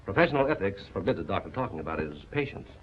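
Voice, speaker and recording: An actor in a 1940s film playing an earnest male doctor, explaining a case in a measured way, on a dull lo-fi old film soundtrack. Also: deep voice, big pitch swings, a little hiss or hum.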